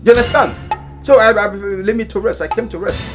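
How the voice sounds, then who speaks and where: An actor playing an arrogant, greedy brother-in-law who lectures and mocks, speaking with a Nigerian accent over a film score. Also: male voice, high-pitched, fairly quick, over music. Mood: scornful. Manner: scornful, lecturing, mocking. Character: arrogant greedy middle-aged man seizing land.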